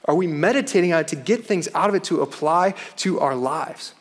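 A man's voice: a little high, lively intonation, a little fast. Earnest young man preaching in a hall. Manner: earnest, says "man" often. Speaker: campus chapel speaker. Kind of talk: sermon. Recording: hall reverb.

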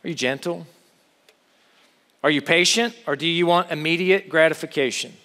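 A man's voice: on the high side, moderate pace, sharp tone, in a large hall. A man preaching a sermon as pastor, earnest and full of rhetorical questions.

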